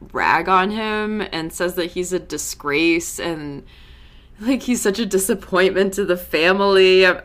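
A young woman talks through an episode in a loose, chatty way, tossing in quick asides as she goes. Her voice sits low for a woman yet has a bright, forward edge to it. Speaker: show recap host. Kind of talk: casual episode recap.

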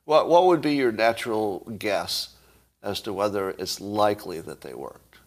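A man's voice: on the low side, expressive, moderate pace. A man hosting a casual livestream, arguing his point and throwing rhetorical questions at viewers, with the odd chuckle. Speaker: livestream host.

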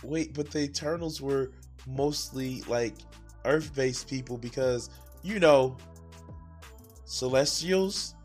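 A man's voice: medium pitch, slow, a little mellow, faint music behind. A man hosting a reaction video, talking casually with profane, exasperated outbursts.

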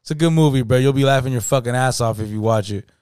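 A man with Bay in casual podcast chat, animated and swearing freely. His pitch sits in the middle range. The sound is dry and close to the mic. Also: fast talker, clear, resonant tone, no room sound. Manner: animated, swearing, repeats "you know what I mean". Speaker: podcast co-host.

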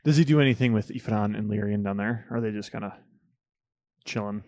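A man's voice: fairly low pitch, fairly quick, dark tone, no room sound. Man, tabletop player, casual and eager, dry sound.

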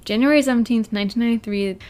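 A woman hosting a casual podcast, her voice sitting a little high. She chats easily and laughs often, reading passages aloud with gusto. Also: very fast, a little mellow, clean tone. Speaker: podcast host.

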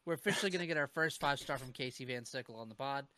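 A man's voice: mid-range voice, rapid-fire, a crowd in the background. A man co-hosting a podcast, chatting casually and going through upcoming details in an upbeat way. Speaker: podcast co-host. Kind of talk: casual chat.

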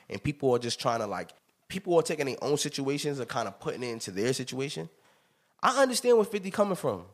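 A man in his thirties hosting a podcast, telling stories in an emphatic, animated way with plenty of laughter. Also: medium pitch, a little fast. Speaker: podcast host. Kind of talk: casual chat.

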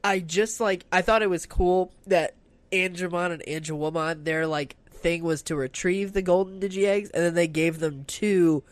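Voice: mid-range voice, fairly even intonation, moderate pace, no echo. A person in casual chat who jokes around and slips into silly voices.

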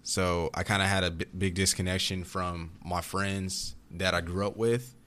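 A young man in casual chat, telling rambling, animated stories about growing up, with frequent restarts. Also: sits low, normal speed. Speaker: podcast guest.

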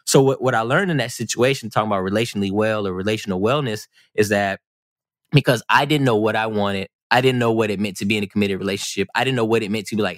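A man's voice: on the low side, fast, a bit bright, no echo, studio quality. A man telling a personal story on a podcast in a casual, rambling, self-mocking way. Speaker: podcast guest.

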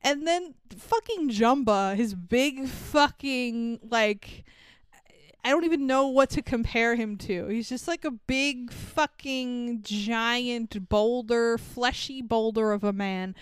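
A woman's voice: a little high, takes it slowly, clear, resonant tone, no room sound, clean studio sound. A woman co-hosting a podcast, casually recapping a film with lots of swearing and laughter. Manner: profane, laughing, acts out quotes. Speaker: podcast co-host. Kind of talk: casual chat.

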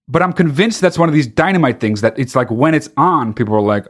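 A man's voice: medium pitch, quick pace, hardly any pauses. A man delivering a profane, exasperated comic rant, breaking into mock sung bits. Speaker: comedian. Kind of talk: stand-up style comic rant.

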